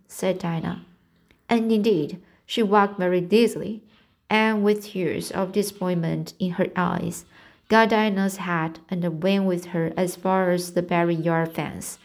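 A woman's voice: medium pitch, slow, darkish tone. A woman reading a classic novel aloud, hesitant, stumbling over words and restarting. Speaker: reader.

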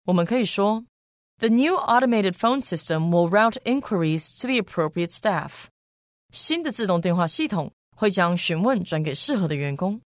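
A woman reading example sentences for an English lesson in a clear, measured way. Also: medium pitch, expressive, no room sound, studio quality. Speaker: lesson reader.

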